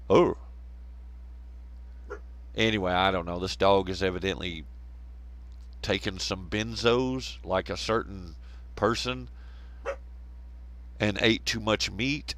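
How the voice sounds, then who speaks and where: Brief: male live streamer, unhurried, rambling and jokey, dry close sound. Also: sits low, bright, forceful tone, no room sound. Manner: rambling, laughs often, banters with chat. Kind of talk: casual live stream chat.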